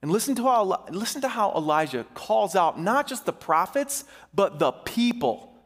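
A male pastor preaching an impassioned sermon in a church sanctuary, swinging between urgent and slow, emphatic delivery. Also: high voice, sing-song. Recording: reverberant hall.

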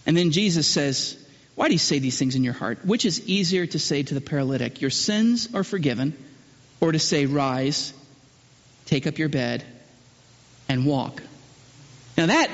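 A pastor with a high voice preaches to his congregation, firing off one question after another. He builds to loud, emphatic peaks and drops low for solemn moments, while the muffled sound fades into a long church-hall reverb.

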